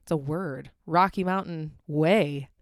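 A young adult woman hosts a solo podcast from her apartment, ranting casually in a deep voice at a slow pace. She rambles, swears often, and gets sidetracked easily. The sound is clean studio quality with no echo.

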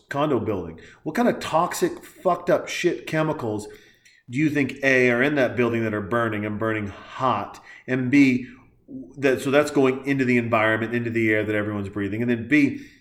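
A man's voice: medium pitch, normal speed. A man hosting a podcast, delivering a crude, heated and sarcastic rant as casual commentary. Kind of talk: profane ranting commentary. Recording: echoey room.

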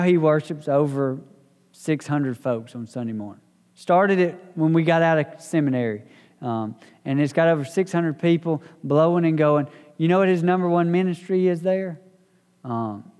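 A man's voice: on the high side, darkish tone, clear, resonant tone. A man leading a church Bible study in a folksy, conversational way, acting out the people he quotes. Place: church hall. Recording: roomy hall reverb.

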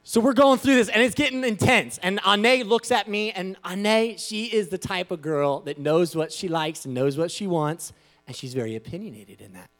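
A man preaching, telling a personal story in a loose, conversational way with frequent asides, swinging from quiet to loud as he acts out what people said. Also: sits high, normal speed. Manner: animated, conversational, with frequent "you know" asides. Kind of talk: storytelling sermon.

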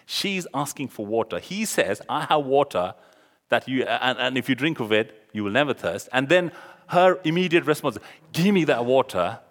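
A man preaching a sermon in a large hall, his voice trailing off in long reverb. His delivery swoops up and down with animation. He acts out the dialogue and breaks into sudden loud exclamations. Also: mid-range voice, very animated, moderate pace.

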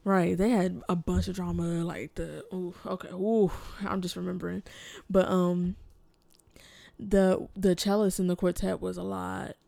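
A relaxed woman podcast co-host talks through the week's news, pausing often to find her words. Her low voice is full of vocal fry, and the sound is dry and close. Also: no room sound. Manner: relaxed, chatty, hesitant with many fillers. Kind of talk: casual podcast chat.

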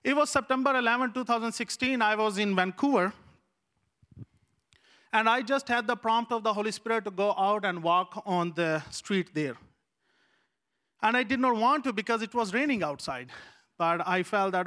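A man's voice: high-pitched, normal speed, long pauses, pushed and bright. A man preaching a sermon as a pastor. He tells a personal story earnestly and repeats phrases for emphasis. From Pakistan.

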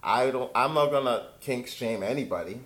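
A man's voice: mid-range voice, lively intonation, moderate pace, fairly bright tone. A man co-hosting an improvised comedy call-in, hesitant and stammering, often trailing off. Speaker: co-host.

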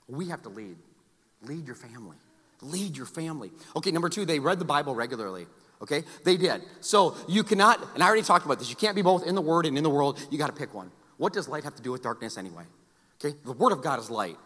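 A man preaching a sermon as pastor, emphatic and animated, with joking asides. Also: fairly high pitch, racing. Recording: long church hall reverb.

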